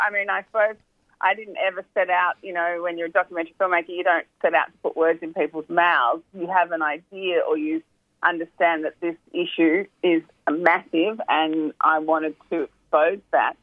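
A woman's voice: on the low side, fairly even intonation, normal speed, no echo. A woman documentary filmmaker, talking animatedly on the phone with lots of "you know" asides. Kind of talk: phone interview, chatty storytelling. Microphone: telephone. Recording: tinny phone line, dry.

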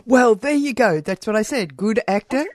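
A radio host interviewing a guest, pausing often with "uh" while hunting for words. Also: medium pitch, animated, no room sound, clean studio sound. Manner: hesitant, many "uh" pauses.

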